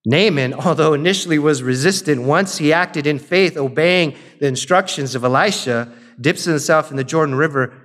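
A man preaching, who retells scripture in casual everyday speech and acts out the quoted characters. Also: mid-range voice. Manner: slows and softens into a quiet, drawn-out litany near the end. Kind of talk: sermon.

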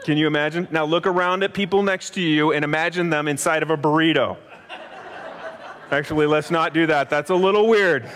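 High-voiced playful preacher in a reverberant hall. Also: male voice, fairly quick, a bit bright. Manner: playful, asks the audience questions, acts out voices. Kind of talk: animated sermon to a family audience.

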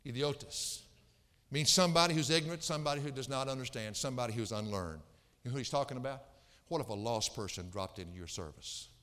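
A pastor preaching an expository sermon, emphatic and repeating phrases to drive points home. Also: male voice, mid-range voice, fast talker, fairly bright tone, in a large hall. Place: church sanctuary.

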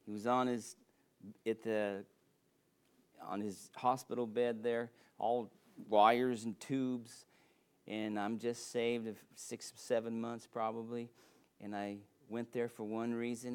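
A man's voice: on the low side, little pitch movement, unhurried, clean tone. A man preaching a sermon as pastor, emphatic with a repetitive, building cadence.

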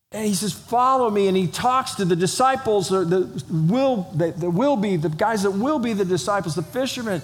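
A man preaching a sermon as pastor, animated, acting out the voices of the people in his story. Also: sits high, normal speed, few pauses, big-room sound. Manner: animated, acts out voices of biblical figures.

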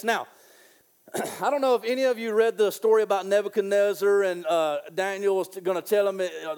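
Pumped-up preacher guy, pretty high voice, keeps repeating stuff and slowing way down on the big lines. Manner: animated and excitable, repeats phrases for emphasis, drawls key lines slowly. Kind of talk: sermon.

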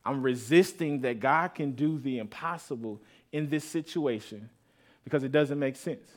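A man's voice: medium pitch, normal speed. A man in his thirties preaching a sermon, telling a personal story with rising emotional intensity. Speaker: pastor.

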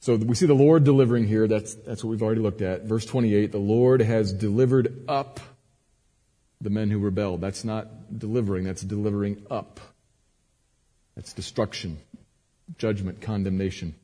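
A man preaching a sermon as a pastor, moving between quiet earnest teaching and raised, emphatic cries. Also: fairly low pitch, steady tone, moderate pace. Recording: long hall reverb.

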